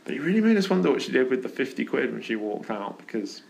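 A man's voice: medium pitch, big pitch swings, quick pace, vocal fry. Rambling man hosting a podcast. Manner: rambling anecdotal storytelling with fillers. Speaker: podcast host. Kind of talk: casual podcast chat. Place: office.

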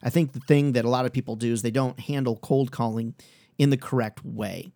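A man hosting a sales training podcast, talking in an energetic, upbeat and conversational way. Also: mid-range voice, brisk, vocal fry, no room sound, clean studio sound. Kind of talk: solo podcast talk.

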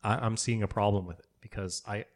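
A man co-hosting a casual tech podcast, joking in a deadpan way. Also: lowish voice, quick pace. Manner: deadpan joker. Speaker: podcast co-host. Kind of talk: casual chat.

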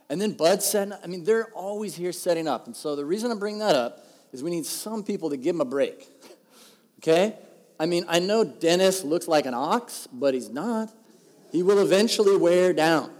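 A middle-aged man giving a sermon as pastor, conversational and joking. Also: fairly high pitch. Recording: long hall reverb.

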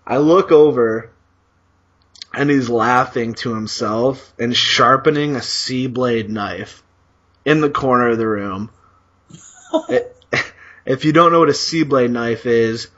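A man's voice: medium pitch, slow, pauses often, fairly bright tone, highs cut off. A man co-hosting a podcast, telling a long story in a rambling, profane way with lots of fillers. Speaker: podcast co-host. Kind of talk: casual storytelling.

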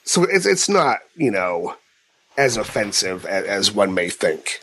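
A man co-hosting a casual podcast, his voice sitting on the low side. He talks haltingly, doubling words and restarting sentences as he works his thoughts out. The pace stays easy and conversational. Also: very animated, a bit bright, a little hiss or hum. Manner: halting, with frequent word repeats. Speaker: podcast co-host.

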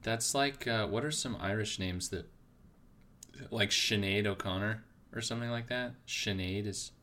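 A man's voice: on the low side, normal speed, sharp tone, a little hiss or hum. A man co-hosting a chat podcast, playful and teasing, often laughing. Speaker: podcast co-host. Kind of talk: casual chat.

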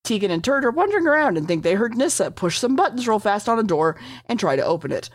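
A woman gives a loose, rambling episode recap, cursing casually and often correcting herself mid-sentence. Her pitch is mid-range for a woman. The recording is dry, with no room echo. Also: very animated, fast talker. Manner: rambling, swearing, self-correcting.

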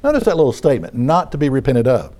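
A man's voice: mid-range voice, big pitch swings, fast, warm tone. A man preaching a sermon in front of a congregation, talking in a conversational way and often repeating his phrases.

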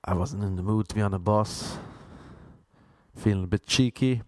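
A young man from Cork with an Irish accent, telling stories in a deadpan stand-up comedy set. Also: on the low side, normal speed, no echo, studio quality. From Ireland. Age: 20s.

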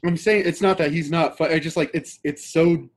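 This young adult man's voice is fairly high and fairly even in intonation, and he talks briskly. Co-hosting a podcast, he chats casually and rambles with plenty of fillers and restarts.

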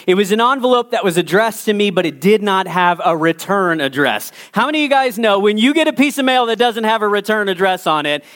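A man's voice: high voice, a bit bright. A pastor in his forties telling a humorous story during a church sermon, acting out his own reactions. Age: 40s. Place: church service.

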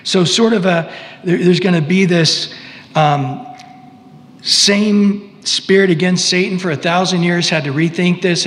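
A male preacher giving a conversational sermon, pausing, restarting and tossing asides to the congregation. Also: high-pitched, a bit bright, in a large hall.

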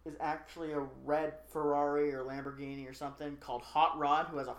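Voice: medium pitch, flat delivery. Podcast cohost rambling through a movie recap, jokey asides, echoey room sound. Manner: rambling, joking, full of fillers and quick asides. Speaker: podcast co-host. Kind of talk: casual chat, recapping a movie plot. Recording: roomy echo.

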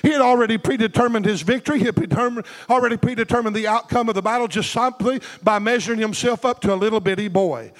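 Fervent high-voiced preacher, church reverb. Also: male voice, fast, few pauses. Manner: fervent, rhythmic, call-and-response preaching. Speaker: pastor. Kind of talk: sermon.

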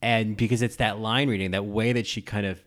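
A man hosts a casual podcast and talks about a film he loves. His voice sits a little low. He is effusive and rambling, and he keeps restarting his sentences. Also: steady tone, brisk. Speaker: podcast host.

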